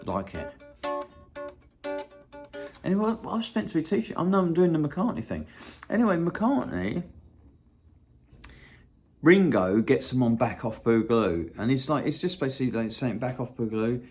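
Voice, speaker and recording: A man's voice: mid-range voice, big pitch swings, moderate pace, long pauses, a little mellow, slightly rough, faint music behind. A man hosting his own channel, talking in a rambling casual monologue, swearing freely and breaking into humming and singing snatches of songs. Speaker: channel host.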